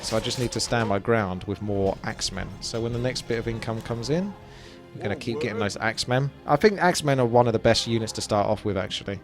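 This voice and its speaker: Talking fast in a fairly low-pitched voice, a young gameplay commentator explains his strategy in a chatty, casual way while playing a strategy game. Game music runs beneath the recording.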